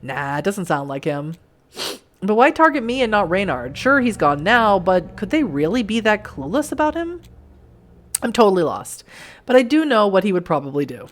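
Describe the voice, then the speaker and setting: A woman's voice: mid-range voice, big pitch swings, moderate pace, close to an everyday voice. A woman reading aloud the part of a brash, sarcastic young vampire woman who swears freely, in a visual novel game. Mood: frantic scheming. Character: sassy, sharp-tongued young vampire woman, cornered.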